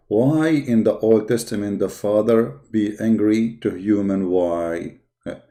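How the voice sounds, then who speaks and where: A man's voice: on the low side, a little slow, dark tone. A man hosting a live stream, taunting and challenging viewers to call in. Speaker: live stream debate host. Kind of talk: mocking live stream talk.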